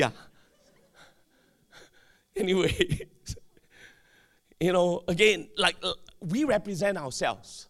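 A male pastor, preaching a sermon emphatically with sudden shouted bursts and call-and-response to the congregation. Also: high voice, sing-song, moderate pace, pauses often.

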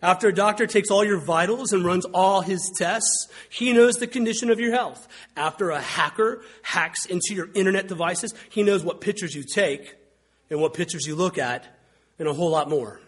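A man's voice: high voice, moderate pace, fairly bright tone, breathy edge. A man preaching a sermon as a pastor, telling wry stories in a conversational way. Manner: conversational, wry storytelling with mimicked quotes.

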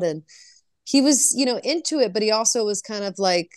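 A woman's voice: medium pitch, animated, fast talker, darkish tone, dry recording, clean studio sound. A woman guest on a podcast, chatting casually, laughing easily and acting out conversations as she tells a story. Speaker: guest musician.

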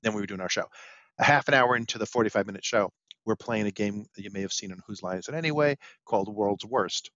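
A man co-hosting a podcast, telling a story about his improv show in a lively way. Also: fairly low pitch, fast talker, no room sound, dull audio. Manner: animated storytelling, acts out quotes. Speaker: podcast co-host and improv performer. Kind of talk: casual storytelling chat.

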